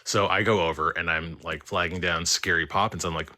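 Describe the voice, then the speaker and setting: A young man with a deep, bright, pushed voice calls in to a livestream, speaking fairly quickly with fairly even intonation. He rambles through a ghost story, leaning heavily on "like" and other fillers.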